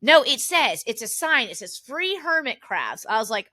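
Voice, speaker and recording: A woman with a bright, high-leaning voice, chatting as a podcast co-host. She tells family stories in an animated way and laughs often. The sound is close and dry. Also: normal speed, no room sound. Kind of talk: casual family chat.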